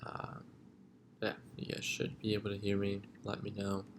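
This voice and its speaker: A man hosting a live trading chat stream from home, speaking quietly and in a relaxed way. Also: fairly low pitch, background noise. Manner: talking quietly, relaxed and unhurried. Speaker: trading livestream host. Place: home at night.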